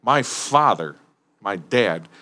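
A man's voice: fairly low pitch, slow pace. A man telling firefighting stories in casual, profane chat, acting out what people said. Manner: animated, profane, acts out quotes.

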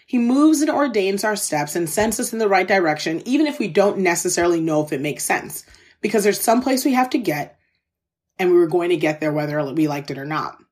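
A woman hosting a podcast shares a personal story, earnest and candid, speaking directly to her listeners and visibly moved by the memory. Her voice is lowish and a little mellow, with lively intonation and a slightly fast pace, and her manner is conversational and faith-filled.

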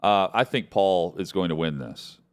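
A man's voice: sits low, lively intonation, normal speed, clean tone. A male host in casual sports talk, hesitant and filler-heavy.

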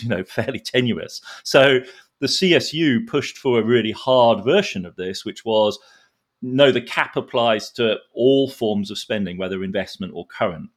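A man giving a detailed, explanatory analysis in a podcast discussion, drawing analogies as he goes. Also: on the low side. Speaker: expert guest.

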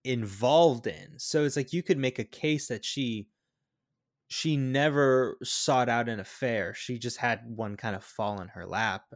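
A man co-hosting a podcast, chatting casually about a film, asking questions and laughing easily. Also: mid-range voice. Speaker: podcast co-host. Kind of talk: casual movie-review chat.

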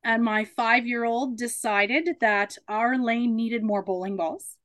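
A woman mediator, around her thirties, giving a relaxed talk to a support group, animated and laughing as she acts out quoted voices. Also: on the high side, takes it slowly.

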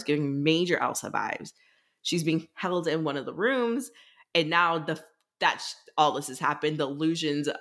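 A woman's voice: low voice, fairly bright tone. A young woman co-hosting a podcast, recapping a novel in casual chat over a video call and acting out the characters' lines. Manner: chatty, swears casually, acts out characters' lines. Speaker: podcast co-host.

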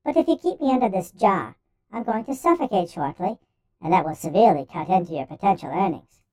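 A man reading a storybook, voicing a three-inch male homunculus with a high, thin, strained voice. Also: animated, brisk, warm tone, smooth. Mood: reasoning.

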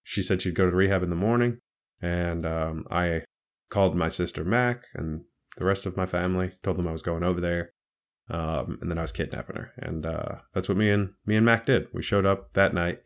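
A man's voice: sits low, fairly quick. A man recalling events plainly and a little hesitantly. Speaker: interviewee, brother. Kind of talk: casual recollection.

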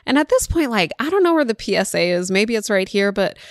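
A woman's voice: medium pitch, big pitch swings, fairly quick, no room sound, studio quality. A woman in her thirties hosting a parenting podcast, talking in a chatty way, laughing often and dropping in a lot of "like.". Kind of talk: casual chat.

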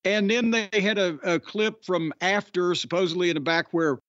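A man with a notably high voice holds forth as a podcast host, sardonic and opinionated, swearing freely. The sound is dry and close, with a slightly dull, muffled top end. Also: normal speed, fairly bright tone, no room sound. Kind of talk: casual wrestling podcast chat.

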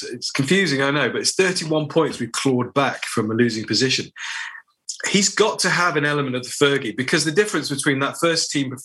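A man's voice: mid-range voice, pushed and bright. A man co-hosting a football podcast, rambling casually through his views and often restarting his sentences. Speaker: podcast co-host.

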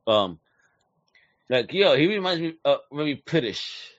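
A man hosting a casual interview, talking in a slangy, excitable, hype-driven way. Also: on the high side, unhurried, no echo, highs cut off. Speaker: interview host.

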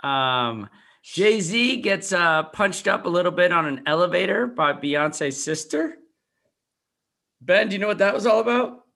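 A man's voice: high-pitched, expressive, a little slow, gravelly, bright, forceful tone. A man hosting a casual podcast chat, quizzing his co-hosts with a wry tone. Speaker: podcast host. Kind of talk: casual chat, quiz questions.

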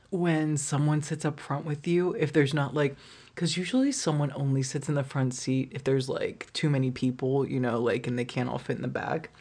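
A woman whose voice sits low and a little mellow hosts a podcast by herself, telling frank, profane stories. She uses "like" constantly, laughs often, and trails off into restarts.

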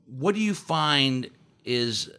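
Brief: male podcast host, gravelly and bright, lively pitch, jokey interviewer. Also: takes it slowly. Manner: joking, playful, puts on silly voices.

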